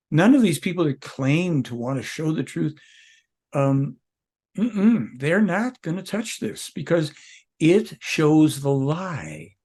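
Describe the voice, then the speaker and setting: An older man talks as a guest in an interview, pressing his points hard and circling back to restart sentences. His voice sits a little high for a man and has a husky edge. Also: darkish tone. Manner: emphatic, rambling, with self-corrections. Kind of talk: conversational interview.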